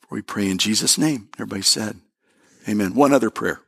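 A middle-aged man, a pastor, preaching a sermon in an animated way, repeating his phrases and talking straight to the congregation. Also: fairly low pitch, fast, gravelly, breathy edge.

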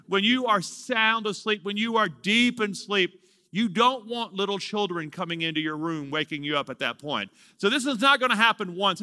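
A man in his fifties, a pastor, preaches in a high, pushed, bright voice, dramatically drawing out key words and acting out the story's lines. The studio sound is clean, with no room sound.

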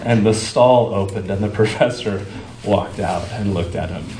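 A man's voice: on the low side, moderate pace, crowd noise. A man preaching a sermon as a pastor, talking conversationally and stopping for fillers as he searches for words. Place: church sanctuary. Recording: echoey room with faint ambience.

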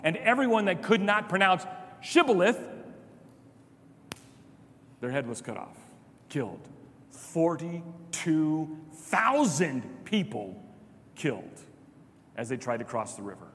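A man preaching a sermon, retelling a scripture story with lively voices and quiet low asides. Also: slow pace, long pauses, slight background noise. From Chicago. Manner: animated storytelling, drops to soft low asides. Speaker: pastor. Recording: reverberant hall.

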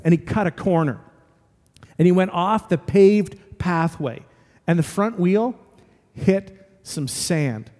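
In a large hall with long reverb, a man preaching a sermon speaks slowly and pauses often, his high voice a little mellow. He tells stories earnestly and repeats key points emphatically.

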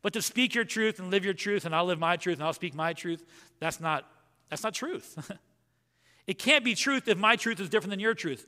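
A man preaching a sermon in a church sanctuary, his high, bright voice ringing through a long reverb. He swings from loud, animated emphasis to hushed asides. He reads scripture slowly and with weight. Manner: reads scripture in a slow, measured voice. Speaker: pastor.

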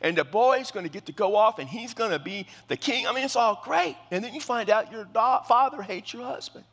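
A middle-aged man preaching a sermon in a Baptist church, telling the story in a conversational, animated way. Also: high voice, fairly quick. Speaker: pastor. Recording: long church reverb.

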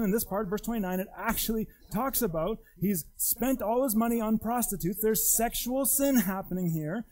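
A man's voice: fast, mellow, poor audio. A man preaching a sermon in a conversational, emphatic way, his voice rising and dropping widely. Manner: conversational, emphatic, wide pitch swings. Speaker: pastor.

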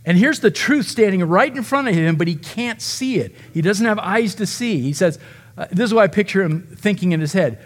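A man delivers a sermon in a somewhat high-pitched voice. He preaches with animation, slipping into dramatized quotes from the people in the passage. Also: lively intonation, brisk. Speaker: pastor.

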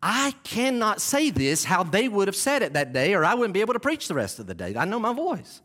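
Lively, high-voiced preacher man. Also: a little fast. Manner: animated, dramatic storytelling preaching. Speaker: pastor. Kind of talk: sermon.

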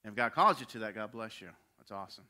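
Passionate preacher man, bright forceful voice. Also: fairly low pitch, expressive, quick pace. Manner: passionate, swings between loud urging and hushed quiet. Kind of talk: sermon.

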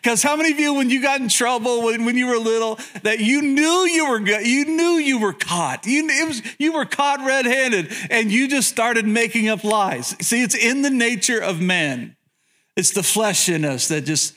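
A man pastor preaches a sermon, telling humorous stories and putting questions to the audience. He frequently repeats words as he goes. His voice is high-pitched and sharp, at a moderate pace.

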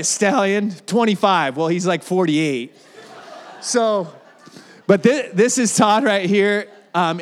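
A man in his forties shares a personal testimony at a church service, speaking earnestly and often restarting his sentences. His voice sits a little higher than usual for a man. The sound carries a long reverb from a large hall. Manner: earnest storytelling with emotional restarts.

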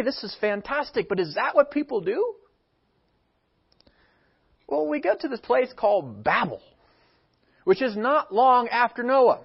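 A man preaching a sermon, emphatic, with rhetorical questions and acted-out quotes, heard on a dull lo-fi recording. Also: high voice. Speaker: pastor. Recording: dull lo-fi sound.

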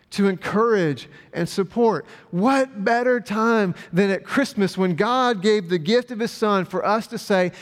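A man preaching a sermon as pastor, speaking earnestly with repeated phrases and building emphasis. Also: sits high. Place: church sanctuary. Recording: long hall reverb with faint music.

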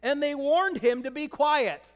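High-voiced, impassioned male preacher. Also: unhurried, in a large hall. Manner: impassioned, swinging between shouts and hushed emphasis. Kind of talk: sermon.

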